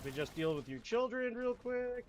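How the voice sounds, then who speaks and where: A man giving casual let's-play commentary, swearing at enemies and whining about his play in loud, repetitive outbursts. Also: very high voice, moderate pace, slight background noise. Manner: profane, whiny trash talk at enemies; excitable outbursts and repeated phrases. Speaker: gamer.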